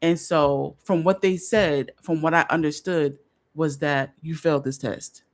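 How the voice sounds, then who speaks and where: A woman's voice: low voice, fairly even intonation, unhurried. A woman hosting a casual storytelling vlog, rambling with restarts and asides to viewers, earnest and openly emotional. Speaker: vlog host.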